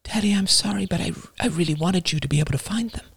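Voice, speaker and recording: A man voices a timid, earnest young girl in a storybook reading. Her voice is high and breathy, pitched far above the reader's own. Close, dry sound. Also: quick pace, no room sound, full character voice. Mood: pleading.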